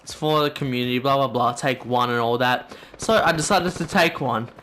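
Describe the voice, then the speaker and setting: Over the sound of in-game gunfire, a teen guy who hosts a gaming channel spins a loose, profanity-heavy storytime while he plays. He speaks at a normal pace in a mid-range voice, lively and rambling, with slight background noise.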